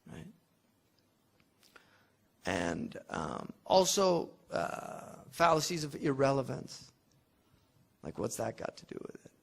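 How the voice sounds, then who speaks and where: Male lecturer, somewhat high voice, gravelly texture, casual classroom explaining with plenty of restarts. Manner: conversational and digressive, with frequent restarts and fillers; explains with everyday examples. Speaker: teacher of classical logic.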